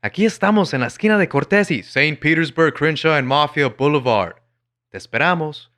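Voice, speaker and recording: Guy doing a cheesy tv ad announcer, high and pushy, salesy singsong. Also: expressive, fairly quick, bright, forceful tone. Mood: gushing. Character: overeager male TV commercial announcer, fake cheerful.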